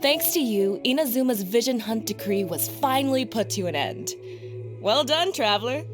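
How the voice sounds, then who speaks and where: Eager sailor girl, an actress doing her, cheerful, kinda high voice. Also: expressive, moderate pace, music in the background, close to an everyday voice. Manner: upbeat and eager. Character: cheerful young female sailor. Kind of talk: video game voice acting.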